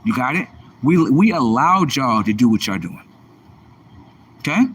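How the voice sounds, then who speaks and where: Man, livestream host, slightly higher voice, combative and mocking, preachy profane rant. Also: sing-song, measured pace, long pauses, a bit bright, a little hiss or hum.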